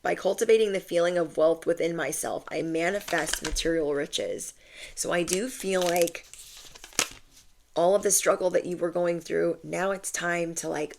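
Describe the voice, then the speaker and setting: A woman's voice: fairly low pitch, normal speed, creaky, background noise. A young adult woman giving a channeled tarot reading to her viewers, casual and emphatic, full of slang and fillers. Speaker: tarot reader.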